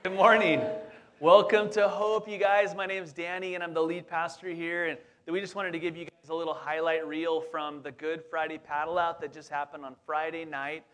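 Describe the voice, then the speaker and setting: A man's voice: a little high, little pitch movement, moderate pace, fairly bright tone. A lead pastor in his forties preaching a casual sermon, chatty and upbeat, talking straight to the congregation with plenty of fillers and asides.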